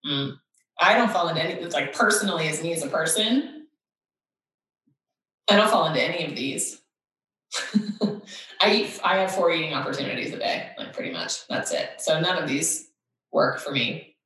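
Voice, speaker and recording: A woman's voice: low-pitched, expressive, normal speed, pauses often, a bit bright. A woman host chatting casually and reading quiz questions aloud with sarcastic asides. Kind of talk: casual chat. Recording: echoey room, somewhat far from mic.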